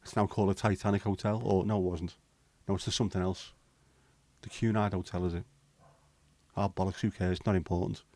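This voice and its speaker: Chatty man, low voice. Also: flat delivery, brisk, dark tone, no room sound. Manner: chatty, swears casually, banters with viewers. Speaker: livestream host. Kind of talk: casual chat reading viewer comments.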